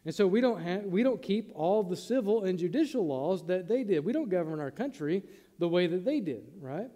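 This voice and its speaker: A man with a high yet mellow voice preaches a sermon to his congregation in a church sanctuary. He keeps it conversational and acts out the lines he quotes. The hall gives his voice a long reverb. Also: lively intonation, normal speed. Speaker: pastor.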